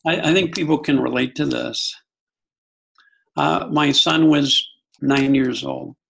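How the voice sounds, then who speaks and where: Gravelly-voiced man telling a personal story. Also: mid-range voice, steady tone, slow, a bit bright, a little hiss or hum. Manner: earnest, reflective, with frequent restarts. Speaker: guest. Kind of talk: conversational storytelling.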